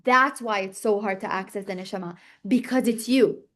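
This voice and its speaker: A woman teaching a religious text class in a lively, chatty way, often checking in with "okay?" and "right?" and acting out inner voices. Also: medium pitch. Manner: talks fast and restarts, acts out inner voices. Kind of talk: classroom lesson.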